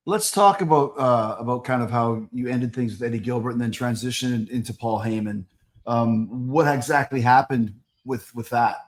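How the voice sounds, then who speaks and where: A man's voice: medium pitch, moderate pace. A middle-aged man hosting a podcast interview in a loose, chatty way, full of fillers. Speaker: podcast host. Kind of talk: casual interview chat.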